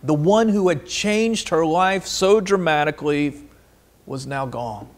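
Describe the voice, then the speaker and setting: A man preaching a sermon as pastor, asking listeners questions and moving between quiet and animated delivery. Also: fairly high pitch, a little slow. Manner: expressive, swings between soft and animated.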